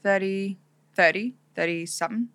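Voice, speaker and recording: A young woman co-hosting a podcast in casual chat, animated and swearing freely. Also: medium pitch, normal speed, clear, resonant tone, dry recording. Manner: animated, swears freely, acts out quotes in exaggerated voices. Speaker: podcast co-host.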